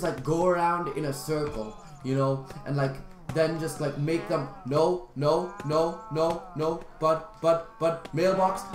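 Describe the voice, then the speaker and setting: A young man giving rambling, jokey gameplay commentary and talking back to the characters on screen. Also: a little high. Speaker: gaming channel host. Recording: roomy echo.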